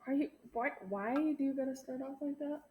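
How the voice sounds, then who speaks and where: A woman co-hosting a casual podcast, reacting with quick laughs and short replies. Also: high voice, fairly even intonation, narrow, tinny audio. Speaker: podcast co-host. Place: small home podcast room.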